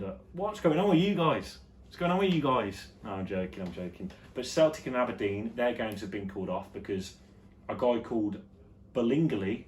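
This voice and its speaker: Man, casual vlog host, jokey, lowish voice, echoey room, faint background hum. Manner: jokey and chatty, jumping between loud and quiet. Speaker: host of his own vlog show. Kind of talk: casual news vlog chat.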